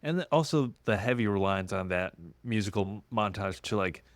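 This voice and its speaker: A man's voice: lowish voice, lively intonation, normal speed, dry recording. A man co-hosting a podcast in casual chat, laid-back and a bit hesitant.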